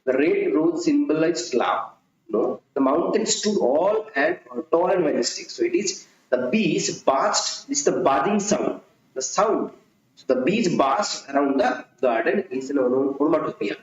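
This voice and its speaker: Male tutor, self-answering quiz lecture, animated pitch, lo-fi sound. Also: unhurried. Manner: reads questions aloud, repeats phrases, answers himself. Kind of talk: exam prep lecture. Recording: roomy, dull lo-fi recording.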